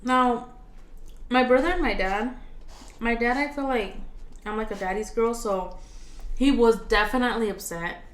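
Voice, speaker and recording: A woman's voice: on the high side, normal speed, pauses often. A young adult woman telling a personal story in a casual vlog, chatty and full of fillers. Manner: chatty, filler-heavy, acts out quoted dialogue. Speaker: vlogger. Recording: roomy with faint background noise.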